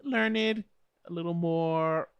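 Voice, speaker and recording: A man co-hosting a casual podcast chat, animated and playful, peppering his talk with "like". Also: on the high side, slow, clean tone, no room sound, highs cut off. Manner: animated, playful, frequent fillers like "like". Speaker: podcast co-host.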